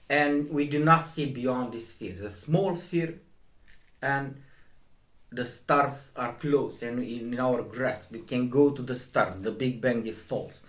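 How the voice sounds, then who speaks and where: A man with a Romanian accent, a video host giving a slow, emphatic, argumentative commentary monologue, his pitch jumping up when scornful. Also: fairly bright tone. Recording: echoey room.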